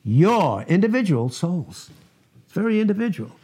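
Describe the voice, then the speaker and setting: A man's voice: high voice, very animated, moderate pace, mellow, slightly rough. A middle-aged man preaching a sermon, emphatic, asking rhetorical questions and repeating key words.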